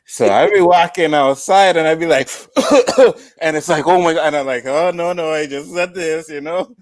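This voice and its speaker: A man's voice: fairly high pitch, fairly quick, dry recording. A man guesting on a casual livestream chat, laid-back and teasing.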